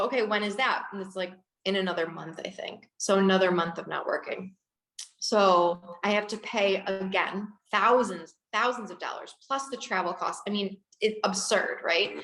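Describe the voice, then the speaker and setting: A woman dentist in her forties telling a long story in an interview, animated, laughing, acting out the people she quotes. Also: medium pitch, echoey room, low-quality recording. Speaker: dentist guest.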